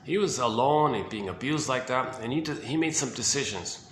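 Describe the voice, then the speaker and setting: A man's voice: medium pitch, lively intonation, moderate pace. A man giving a rambling, casual talk about psychology, thinking aloud with many restarts. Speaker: video host. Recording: roomy echo with faint hiss.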